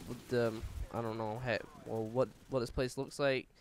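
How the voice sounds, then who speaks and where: A gaming channel host from Newfoundland, Canada, speaks at a medium pitch with little variation in tone, over slight background noise. He rants casually over gameplay, talking fast by habit and rambling with lots of fillers and stumbles.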